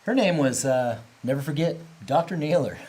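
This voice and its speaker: A man's voice: fairly high pitch, expressive, normal speed, darkish tone, low-quality recording. A man hosting a casual livestream, talking openly and rambling, laughing easily as he answers questions. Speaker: host, company representative.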